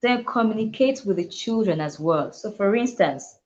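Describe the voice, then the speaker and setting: A woman's voice: medium pitch, lively intonation, moderate pace, a little mellow, highs cut off. A woman teacher and dyslexia coach giving an earnest motivational talk to other teachers, often acting out what children and teachers say. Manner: earnest, acts out quoted voices, laughs often.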